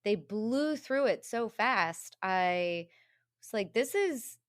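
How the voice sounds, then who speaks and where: A woman's voice: mid-range voice, expressive, takes it slowly, clear, resonant tone, no room sound. Woman, film podcast co-host, opinionated, laughs between points, dry close sound. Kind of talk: casual film review chat.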